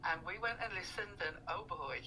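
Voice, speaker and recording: A woman's voice: fairly low pitch, animated, normal speed, bright, forceful tone, a little hiss or hum, rough recording. A woman co-hosting a casual discussion, hesitant with many ums and uhs.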